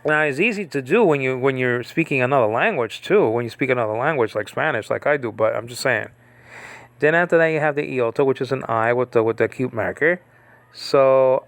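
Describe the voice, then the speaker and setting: A man's voice: medium pitch, fairly quick, dry recording. Rambling man teaching Greek letters. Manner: rambling, digressive, many restarts. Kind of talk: casual online Greek lesson.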